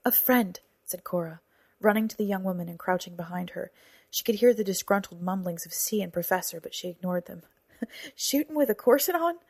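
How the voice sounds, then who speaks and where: An audiobook narrator reads a novel aloud in scripted narration, whispering and raising her voice to act out the characters' dialogue. Her voice sits on the low side, brisk, gravelly and husky, with fairly even intonation and no echo.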